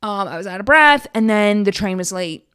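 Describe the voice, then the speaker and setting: A woman's voice: medium pitch, animated, normal speed, fairly bright tone, clear, resonant tone. A young woman hosting her own podcast, talking casually in an upbeat, rambling way with lots of fillers. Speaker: podcast host. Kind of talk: casual solo podcast chat.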